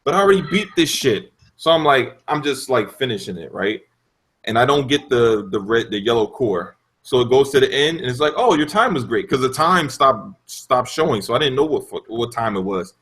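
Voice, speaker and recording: A man on a gaming podcast telling animated stories in casual talk, with frequent cursing and loud outbursts. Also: mid-range voice, fairly quick. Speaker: podcast panelist.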